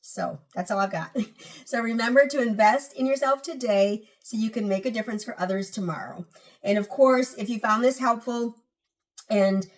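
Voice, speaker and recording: A woman's voice: on the high side, normal speed, distant mic. A woman hosting a personal finance channel, giving casual, emphatic advice straight to her viewers and repeating key points.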